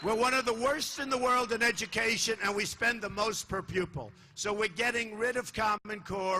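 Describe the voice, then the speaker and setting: Boastful older man shouting at a rally. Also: moderate pace, few pauses, a little hiss or hum. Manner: boastful, repetitive, swinging from low asides to shouting. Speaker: political candidate speaking at a rally. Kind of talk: campaign rally speech. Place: large convention hall. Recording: live hall recording with faint crowd ambience.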